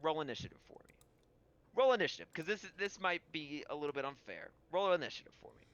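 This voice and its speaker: A man narrating a tabletop game as game master, animated and rambling with fillers. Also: on the high side, fast talker, lo-fi sound.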